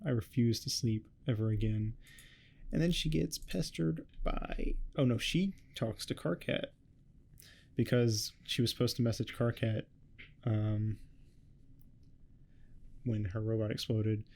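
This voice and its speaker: A man giving a rambling, heavily swearing casual recap of a webcomic, tossing off quick quotes of the characters. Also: medium pitch, steady tone, creaky, a little mellow. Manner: swears a lot, rambling and offhand. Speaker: host. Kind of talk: casual comic recap commentary.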